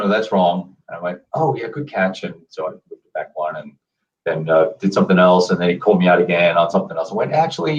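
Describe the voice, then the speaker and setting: A man co-hosting a podcast who tells a story in a laid-back way, heard over a dull, distant line. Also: deep voice. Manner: laid-back, laughs while telling stories. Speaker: podcast co-host. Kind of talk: casual storytelling.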